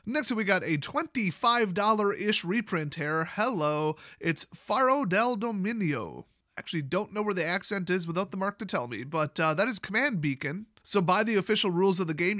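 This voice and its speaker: Bright, sarcastic man reviewing cards. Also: on the high side, no room sound, studio quality. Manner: sarcastic, joking asides. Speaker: card game spoiler reviewer. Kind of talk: casual commentary.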